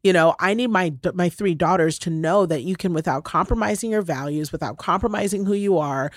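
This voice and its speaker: A woman's voice: on the low side, a little fast, dry recording, clean studio sound. A woman hosting a podcast, telling personal stories in a casual, heartfelt chat with lots of laughter. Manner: animated, laughing, gushing storyteller. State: briefly choked up. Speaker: podcast host.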